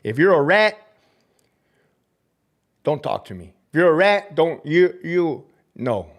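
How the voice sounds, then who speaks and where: A man ranting on his live stream, cursing hard and swinging between loud outbursts and low muttering. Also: big pitch swings, slow. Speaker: livestreamer and prison officer. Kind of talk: profane live-stream rant.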